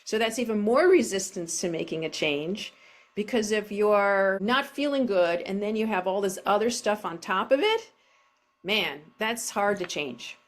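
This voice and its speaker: Middle-aged woman, coach type, soft, reflective, unhurried, mid-pitched, home video-call sound. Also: lively intonation. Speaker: self-compassion coach. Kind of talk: interview guest, casual explanation.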